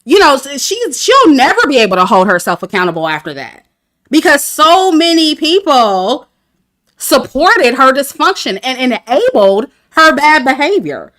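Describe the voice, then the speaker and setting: A woman's voice: high-pitched, very animated, moderate pace, fairly bright tone. A woman, talking casually to her chat about a dating show, candid and laughing often. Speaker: reality TV commentator. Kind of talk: casual review livestream.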